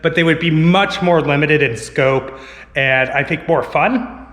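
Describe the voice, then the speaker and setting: Hoarse-ish man rambling in an echoey room. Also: on the high side, measured pace, a bit bright, slight background noise. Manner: rambling, full of "like" fillers. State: slightly hoarse. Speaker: vlogger and online reseller. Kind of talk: casual talk to camera. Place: inside a house. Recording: echoey room with long reverb.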